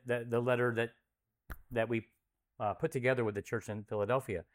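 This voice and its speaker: A man as pastor, reading scripture, praying, and then teaching a group in a conversational way, asking questions and repeating answers back to them. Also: medium pitch. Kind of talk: Bible study teaching with prayer.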